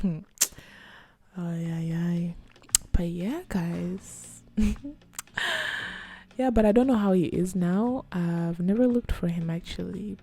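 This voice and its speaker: Soft-spoken young woman with a gravelly, mellow voice. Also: lowish voice. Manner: chatty, soft-spoken, full of "like". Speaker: vlogger. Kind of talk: casual ASMR storytelling.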